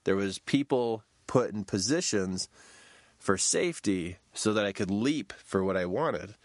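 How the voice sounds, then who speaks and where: A man telling a personal story in a storytelling talk, shouting quoted lines in a high voice. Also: lively intonation, unhurried, no room sound, clean studio sound.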